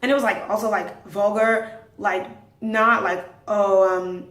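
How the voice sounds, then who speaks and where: A woman's voice: medium pitch, a little slow. A young woman podcast host telling a wild story casually, acting out the quotes. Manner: animated, dramatic retelling with acted-out quotes. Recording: roomy, distant mic.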